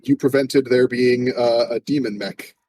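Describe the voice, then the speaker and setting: A man's voice: medium pitch, measured pace, dry recording, poor audio. Laid-back man running a tabletop game. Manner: relaxed, rambling with many fillers. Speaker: game master. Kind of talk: casual post-game chat.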